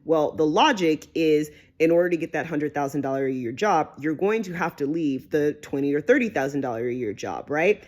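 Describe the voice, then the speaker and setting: A woman vlogger telling a personal story to camera in a casual, animated way, stressing words and swearing freely. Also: low-pitched, a little fast, few pauses. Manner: animated, emphatic, peppered with swearing and "right?".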